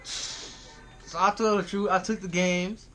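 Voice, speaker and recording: A young man casually telling a story to the camera in a relaxed, slangy way, laughing often. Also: high voice, takes it slowly, soft background music. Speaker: vlogger.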